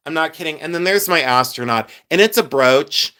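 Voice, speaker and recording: A man's voice: on the high side, animated, normal speed, bright, forceful tone. A man in his fifties hosting a live stream, telling stories in a chatty, joking way. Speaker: host. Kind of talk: casual live-stream chat.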